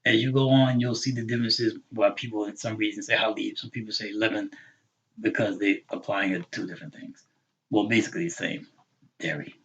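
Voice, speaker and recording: A man teaching an introductory Arabic class, patiently repeating words slowly for his learners. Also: on the low side, steady tone, fairly bright tone, husky. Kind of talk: online class lesson. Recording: dull lo-fi recording.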